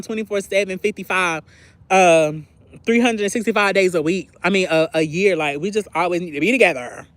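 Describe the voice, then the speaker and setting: On her livestream, a woman with a low-leaning, slightly bright voice speaks at a moderate pace, reacting casually to viewers. Her talk is candid and confessional, sprinkled with lots of filler words, and there's no room sound.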